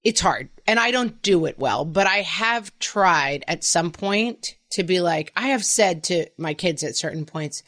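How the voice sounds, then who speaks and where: A middle-aged woman talks through parenting moments in a relaxed, chatty way, often slipping into exaggerated voices to act out quotes. Her voice sits a little low. The sound is dry and close. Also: unhurried, few pauses, no room sound. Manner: animated, acts out quotes in funny voices. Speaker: podcast co-host. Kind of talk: casual chat.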